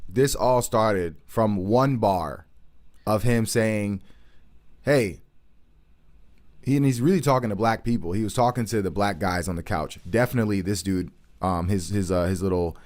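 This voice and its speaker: A man's voice: lowish voice, moderate pace, a little mellow. A man hosting a livestream, giving earnest, emphatic commentary on current events and repeating his points to stress them.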